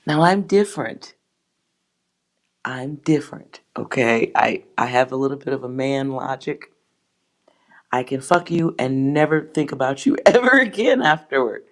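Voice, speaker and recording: A woman's voice: very deep voice, moderate pace. A woman hosting a tarot livestream, chatting with viewers in brash, profane, joking rants. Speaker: tarot reader and livestream host. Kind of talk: casual livestream chat with viewers.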